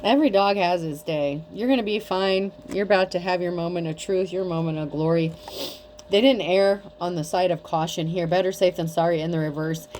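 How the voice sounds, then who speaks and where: Her voice is fairly low, a little mellow and a little fast, with slight background noise behind it. She's doing a casual tarot reading, bluntly mocking and swearing freely.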